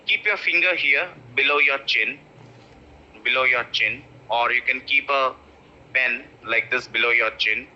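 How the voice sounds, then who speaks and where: A man teaching pronunciation, repeating words slowly to stress syllables. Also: medium pitch, bright, forceful tone. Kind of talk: spoken English lesson. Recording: muffled lo-fi audio.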